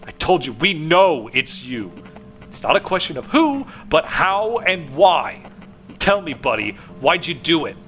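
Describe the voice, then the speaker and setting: A man voicing a gruff male police detective who needles a suspect and bursts into shouted threats, with game music behind. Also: fairly high pitch, big pitch swings, a little slow, pitched above the performer's own voice, heavily acted. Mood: pressing.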